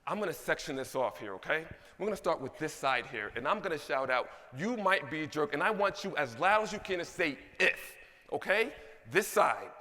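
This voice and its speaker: A man giving an energetic conference keynote, asking the audience questions. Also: on the high side, fairly quick, hardly any pauses, long reverb tail. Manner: animated, asks the audience questions. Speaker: keynote speaker. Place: large conference hall.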